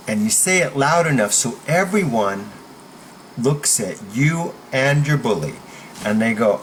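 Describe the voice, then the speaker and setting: A man coaching viewers at home on standing up for themselves, talking emphatically and demonstrating loud comebacks. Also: medium pitch, expressive, moderate pace, a little hiss or hum. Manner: emphatic, demonstrative, switches into loud role-play shouts. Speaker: self-defense and confidence coach. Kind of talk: instructional video talk. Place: at home with his dogs nearby.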